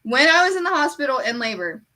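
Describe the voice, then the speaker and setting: Chatty woman streamer telling stories, says like a lot, kinda high and bright voice. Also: quick pace. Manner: chatty, heavy use of "like"; animated storyteller. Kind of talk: casual chat.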